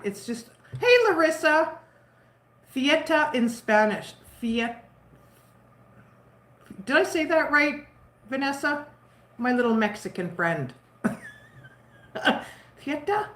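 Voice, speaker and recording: A chatty woman in her fifties talks to her livestream viewers in an easy, rambling way, laughing between her thoughts. Her voice sits at an ordinary middle pitch. The roomy home kitchen adds a noticeable echo. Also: fairly bright tone. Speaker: livestream host. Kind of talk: casual chat with live viewers.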